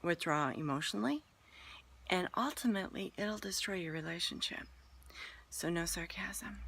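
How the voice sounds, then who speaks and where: A woman's voice: fairly low pitch, fairly bright tone, a little hiss or hum. A woman hosting a relationship advice talk. She speaks earnestly and emphatically, repeats key points and sometimes drops to a whisper for emphasis.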